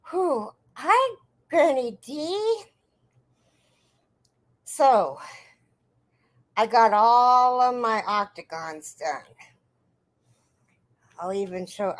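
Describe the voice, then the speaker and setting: Slow-talking woman hosting a crochet livestream. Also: on the high side. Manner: chatty, greets viewers by name in a sing-song lift. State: out of breath. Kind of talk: casual livestream chat greeting viewers.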